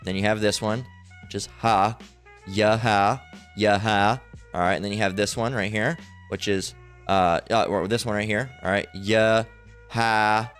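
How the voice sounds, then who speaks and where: A man's voice: lowish voice, steady tone, brisk, fairly bright tone, faint music behind. A man giving an informal Bible teaching, hesitant and full of fillers, who keeps checking in with "all right?". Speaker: religious teacher. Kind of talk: informal Bible teaching over screen share.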